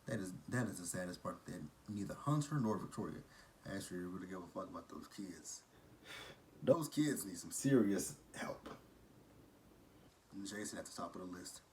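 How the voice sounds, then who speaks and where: Man, low-pitched, casual episode recap, profane, mocking, blunt. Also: animated, normal speed, darkish tone, slight background noise. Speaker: TV episode reviewer.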